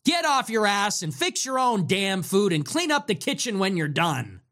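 A man's voice: sits high, big pitch swings, moderate pace, pushed and bright. A man giving ranting political commentary, sarcastic, profane and mocking.

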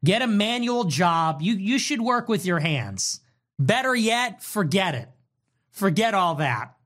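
A man hosting a livestream, reacting to chat messages in a sarcastic, mocking way with quick swings in tone. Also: high-pitched, sing-song, fairly bright tone. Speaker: livestream host.

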